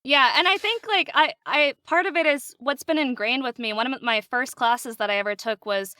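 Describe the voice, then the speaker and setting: A woman voice actress chatting as a guest on a podcast, animated and laughing often. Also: high-pitched, normal speed, hardly any pauses, clear, resonant tone, no room sound, studio quality. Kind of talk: casual podcast interview.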